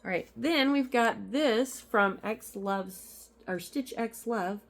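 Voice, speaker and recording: A woman's voice: fairly high pitch, slow. A woman chatting casually at home as she shows off her cross-stitch finds, rambling into asides with frequent ums. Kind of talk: casual show-and-tell chat. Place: at home in an apartment.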